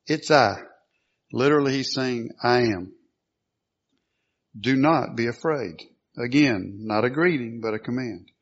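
A man preaching a sermon, reading scripture aloud and asking the listeners questions, clearing his throat often. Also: medium pitch. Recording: dull lo-fi sound.

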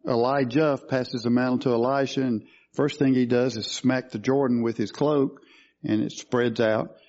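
Guy preaching, warm mellow voice, kinda dull lo-fi sound, asks the crowd questions. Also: medium pitch. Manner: teaching, asks questions of the congregation. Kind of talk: sermon.

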